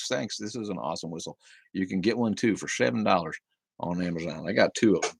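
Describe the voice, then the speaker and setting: Deep-voiced sarcastic man ranting. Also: fast, vocal fry, slightly rough, no room sound, studio quality. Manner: sarcastic, profane, restarts often. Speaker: livestream host reading viewer comments. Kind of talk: casual livestream rant.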